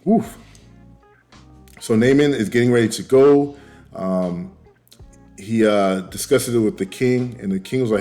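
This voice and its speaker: A man's voice: mid-range voice, unhurried, pauses often, mellow. A man hosting a Bible study, reading passages aloud and then retelling them in loose, casual words with plenty of fillers. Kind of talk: casual scripture reading and commentary. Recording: faint music underneath.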